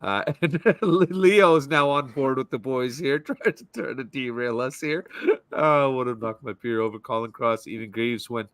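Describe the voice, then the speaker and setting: A man hosts a relaxed football chat, laughing easily as he jokes and reads out viewer comments. His pitch is average for a man. The sound is dry and close, with no room echo. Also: normal speed. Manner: laughs easily, joking and chatty. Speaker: podcast host reading viewer comments.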